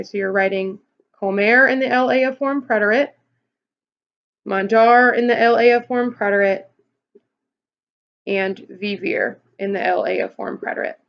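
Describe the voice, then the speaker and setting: A woman teacher talks through a recorded lesson in a fairly high voice. She explains patiently, step by step, with frequent "okay" and "um". The sound is a little dull and lo-fi. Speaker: Spanish teacher. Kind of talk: recorded classroom lesson video.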